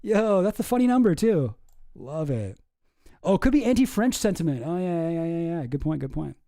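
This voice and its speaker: A man's voice: fairly high pitch, very animated, moderate pace, warm tone, no room sound, studio quality. A man hosting a casual comedy commentary, reading cartoon captions aloud in a wry, rambling way and slipping into silly voices. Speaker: host.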